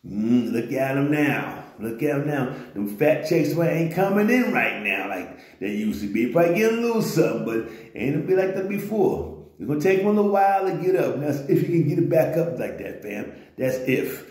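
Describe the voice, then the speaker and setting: A man's voice: fairly high pitch, very animated, brisk, darkish tone. A man ranting in loose slangy commentary on a vlog, often tossing in "you know what I'm saying.". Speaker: vlogger. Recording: very echoey room.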